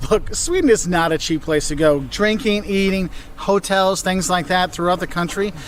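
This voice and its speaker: A man with a notably high voice hosts a travel video, speaking lively and animated, throwing in joking asides and playful exaggerations. He is recorded outdoors in a city, with passing traffic sometimes heard behind him. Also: moderate pace. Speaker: travel vlogger. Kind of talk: presenting a travel video to camera.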